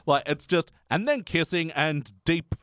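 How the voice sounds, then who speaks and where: A man's voice: on the high side, expressive, measured pace, fairly bright tone, smooth, dry recording, studio quality. A man co-hosting a podcast in casual chat, wry, chuckling and fond of puns. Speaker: podcast co-host.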